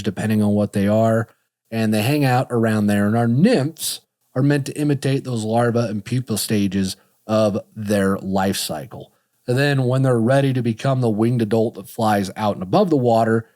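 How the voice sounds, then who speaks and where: A man's voice: mid-range voice, darkish tone, dry recording. Male podcast host, easygoing and self-mocking, medium voice, dry sound. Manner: chatty, joking, self-deprecating. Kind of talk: casual podcast talk.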